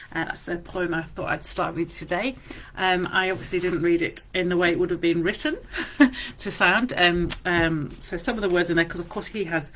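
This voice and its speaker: A woman, a librarian, chatting casually with frequent fillers in a library and reading poems aloud slowly and deliberately. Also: fairly low pitch, a bit bright, slight background noise. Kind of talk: casual chat and poetry reading.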